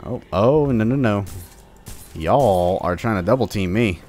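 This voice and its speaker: A man's voice: fairly low pitch, lively intonation, unhurried, a little mellow, soft background music. A man playing through a game with casual commentary, teasing and taunting the enemies in a playful, joking way. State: sore upper back. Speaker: let's-play host.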